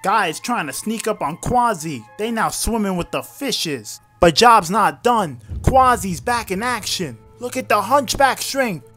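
A man's voice: high voice, expressive, a little slow, hardly any pauses, bright, forceful tone, soft background music. A man doing comedic play-by-play commentary over a film, joking and slangy. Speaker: comedic sports-style commentator.

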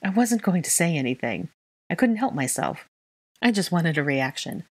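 A woman's voice: on the low side, animated, moderate pace, husky, no echo. Woman reading a composed, teasing young man. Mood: calm.

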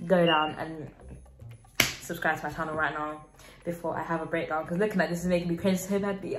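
A woman's voice: deep voice, little pitch movement, a little fast, fairly bright tone. A teenage girl, chatting in a casual reaction vlog, giggly and self-mocking. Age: teens. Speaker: vlogger. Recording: roomy echo, faint music.

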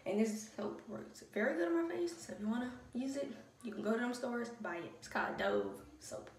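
A young woman vlogging casually at her bathroom sink, chatting straight to viewers and slipping between hushed and loud. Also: a little high, big pitch swings, brisk, background noise. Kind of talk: casual get-ready-with-me vlog. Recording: echoey bathroom, far mic, running water.

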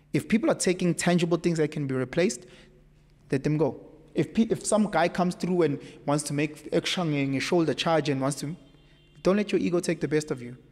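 A man with a South African accent, speaking as a podcast guest in an emphatic, animated storytelling way. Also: fairly high pitch. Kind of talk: casual conversation. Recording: echoey room with long reverb.

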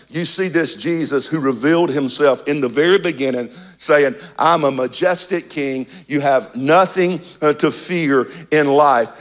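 A man preaching a sermon as pastor, slow and emphatic, with dramatic pauses and some lines dropped almost to a whisper. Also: on the high side.

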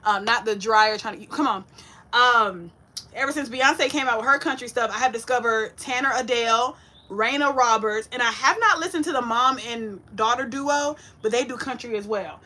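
A woman's voice: fairly high pitch, moderate pace. A woman hosting a casual home-kitchen cooking livestream, chatty and sassy, talking straight to her viewers. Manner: chatty, animated, talks to viewers, sassy Southern-flavored slang. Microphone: ring light setup.

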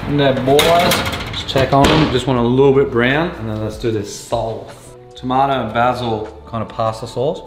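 A young man cooking in his home kitchen, talking in a casual, excitable, sweary way. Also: medium pitch, normal speed. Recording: echoey kitchen with music behind.

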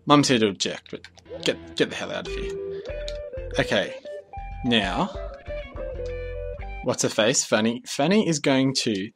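A young man giving rambling, jokey commentary over his own gameplay, easily excited. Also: mid-range voice, a little slow, pauses often, over loud music. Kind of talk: casual let's play commentary.

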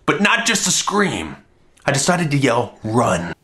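Young male comic storyteller, high voice that swoops a lot, playing every beat up. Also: unhurried, heavy background noise. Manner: animated, exaggerated comic delivery. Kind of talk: comedic story monologue.

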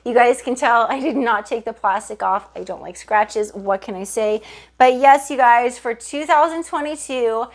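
A woman's voice: on the high side, moderate pace. Gushing woman reviewing handbags. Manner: gushing, enthusiastic, addresses viewers as "you guys". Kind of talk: casual product review vlog.

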